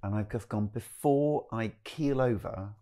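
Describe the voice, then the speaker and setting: A middle-aged man, a choreographer, chatting in a relaxed interview, self-deprecating and often restarting his sentences. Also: fairly low pitch, measured pace.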